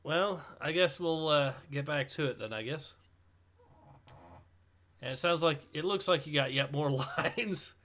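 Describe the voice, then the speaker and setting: A man co-hosts a relaxed livestream, reading viewer comments aloud. His voice is bright and slightly raised in pitch. He sounds easygoing and conversational. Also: unhurried, pauses often. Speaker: livestream co-host. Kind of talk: casual chat.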